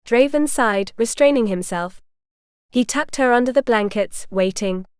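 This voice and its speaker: Woman, audiobook narrator, calm storytelling, fairly high pitch, smooth tone. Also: measured pace, no room sound, studio quality. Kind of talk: scripted romance narration.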